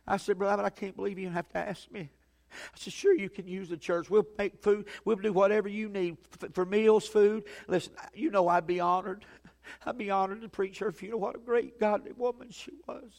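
A man preaching a sermon as a pastor, telling a story that swings from loud urgency to hushed quiet. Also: high-pitched, fairly even intonation, brisk, vocal fry. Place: church sanctuary. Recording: long hall reverb.

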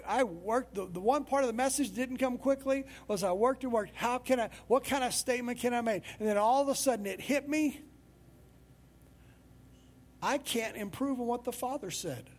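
A male pastor preaching a sermon in a conversational, storytelling way. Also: very high-pitched.

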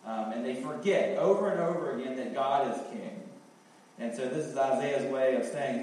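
A man in his middle register delivers a sermon, repeating his main points with earnest emphasis and pausing on fillers as he works through the passage. His voice echoes heavily around a large church hall and sounds a little distant from the microphone. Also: mid-range voice, a little mellow, slight background noise. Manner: earnest, repeats key phrases, thinks aloud with fillers. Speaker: pastor.

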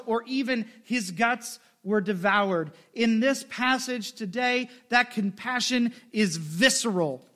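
Man, pastor, sermon, high voice, bright tone, chatty, joking asides.

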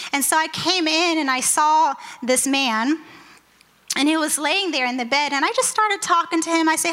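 A woman's voice: high voice, moderate pace, pushed and bright. A young woman giving an earnest, conversational sermon with a personal testimony, speaking with frequent fillers. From United States. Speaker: occupational therapist giving a testimony.

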